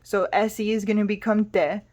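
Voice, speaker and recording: A woman gives a language lesson in a patient, explaining manner. Her voice sits in a middle pitch. She often stops to spell words out letter by letter. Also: little pitch movement, normal speed, darkish tone. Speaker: Spanish teacher.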